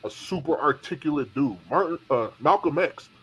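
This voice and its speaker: A man's voice: on the high side, animated, moderate pace, a bit bright, breathy edge. A man co-hosting a podcast, making his points emphatically in a casual discussion. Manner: argumentative, emphatic. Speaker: podcast co-host. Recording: lo-fi dull sound.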